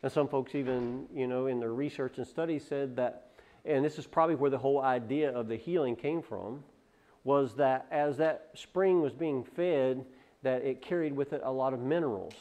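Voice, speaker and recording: At a normal speed and medium pitch, a male preacher moves between loud rhetorical questions and hushed asides in his sermon. He often stumbles back over words, repeating and restarting them.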